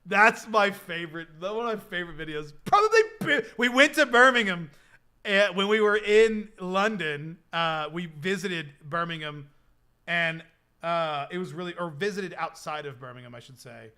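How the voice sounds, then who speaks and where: A man's voice: on the high side, moderate pace, sharp tone, clean tone. A young adult man hosting a live stream, chatting casually and rambling with lots of filler words. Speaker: streamer hosting a game server giveaway.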